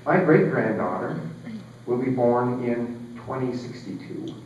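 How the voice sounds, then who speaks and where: A man's voice: medium pitch, lively intonation, a little slow, darkish tone, slight background noise. A man in his forties giving a conference keynote, talking conversationally with lots of fillers and wry asides. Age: 40s. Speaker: keynote speaker, geological scientist. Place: large hall. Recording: echoey hall, distant and dull.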